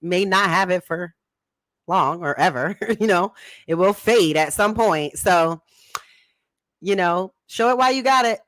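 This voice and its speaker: A young woman joins a casual group discussion, chatty and quick to laugh. She fills her speech with easy asides. The sound is dry and close. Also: fairly low pitch, dry recording. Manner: laughs often, fillers like "you know what I mean".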